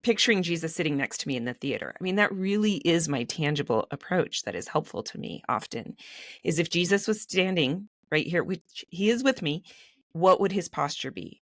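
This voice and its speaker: A woman's voice: fairly low pitch, expressive, moderate pace, no echo, clean studio sound. A woman hosting a podcast, asking thoughtful, searching questions in a reflective conversation. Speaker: podcast host.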